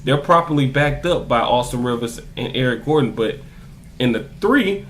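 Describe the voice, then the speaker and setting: A man's voice: medium pitch, lively intonation, normal speed, slight background noise. A young man vlogging an angry, profane rant as a die-hard basketball fan, repeating himself for emphasis. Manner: heated, profane, repetitive emphasis. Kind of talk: ranting sports commentary to camera.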